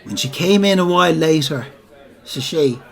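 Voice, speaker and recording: A man's voice: a little high, expressive, moderate pace, creaky. An actor playing an older Dublin man who tells a rambling, boastful pub story, with colloquial asides to his listeners. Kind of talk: theatrical comic monologue.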